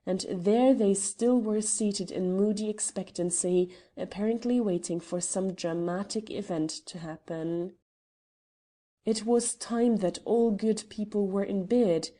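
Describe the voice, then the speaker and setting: A woman reads a classic mystery audiobook in an even, measured way. Her voice is mellow and warm, set at a middling pitch. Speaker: audiobook narrator. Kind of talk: audiobook narration.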